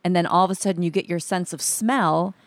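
A woman's voice: lowish voice, fairly quick, dry recording. A woman hosting a podcast, chatting casually and joking, acting out reactions. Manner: playful, jokey, acts out reactions. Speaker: podcast host. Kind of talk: casual chat.

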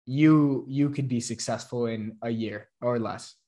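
A man's voice: mid-range voice, unhurried, mellow. A man from Chicago hosting a podcast, talking in an easygoing, chatty way. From Chicago, United States. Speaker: podcast host. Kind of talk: casual podcast chat.

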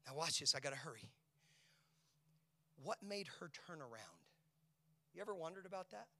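A man preaching a sermon, moving between hushed, whispered lines and loud, climbing exclamations. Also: very animated, normal speed. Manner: dramatic preaching, swings from soft whispers to loud high shouts. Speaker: pastor.

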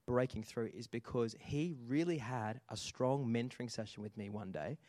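A man preaching a lively sermon, telling stories and calling out to the congregation for responses. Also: mid-range voice, normal speed, dry recording. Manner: animated storytelling with audience call-outs. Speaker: pastor.

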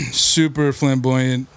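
A man co-hosting a podcast, telling a story in casual chat with lots of laughter and quick impressions of others. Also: mid-range voice, little pitch movement, a bit bright, clean tone. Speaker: podcast co-host.

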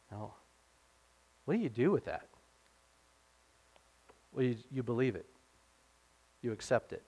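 A man's voice: medium pitch, very animated, a little slow, pauses often, a little mellow, husky. A middle-aged man preaching a sermon as pastor, in an earnest, conversational way, often checking in with his listeners.

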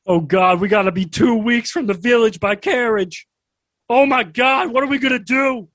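A panicking male adventurer, played by a man, high and wailing. He frets over and over in sheer alarm. The sound is close and dry. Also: normal speed, a bit bright, no room sound. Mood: panicked.

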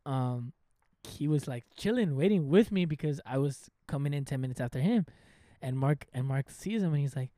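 Slangy young man, mellow voice. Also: on the high side, lively intonation, normal speed, no room sound, studio quality. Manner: slangy, swears freely, laughs while telling stories. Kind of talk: casual chat.

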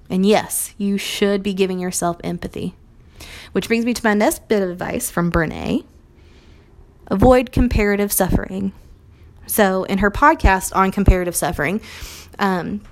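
A young adult woman speaks as a Montessori teacher. Her voice sits at a middle pitch and her talk is earnest and reflective. Now and then she acts out a short quoted phrase.

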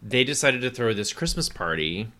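Male, relaxed chatty conversationalist, bright tone, keeps the talk moving. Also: medium pitch, moderate pace. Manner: chatty, prompts stories from others. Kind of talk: casual chat.

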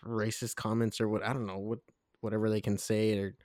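Young man, podcast co-host, laid-back, rambling, low voice, dry sound. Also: level tone, brisk, a little mellow, no room sound. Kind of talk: casual podcast chat.

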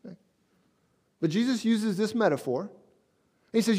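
Soft-dropping conversational male pastor. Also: high-pitched, expressive, husky. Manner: conversational preaching, drops soft and slow on scripture. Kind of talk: sermon.

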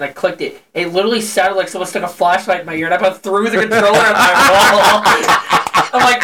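A man's voice: sits high, racing. A man co-hosting a podcast, casually telling profane gaming stories and laughing often. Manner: profane, animated storyteller who laughs often. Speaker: podcast co-host. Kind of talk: casual chat. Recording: somewhat distant mic with faint noise.

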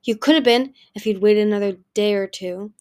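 A woman's voice: mid-range voice, fairly quick, smooth, close to an everyday voice. A woman voicing a lonely, grieving male dragon who pleads and turns bitter, in an audiobook reading. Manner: pleading, raised and emotional.

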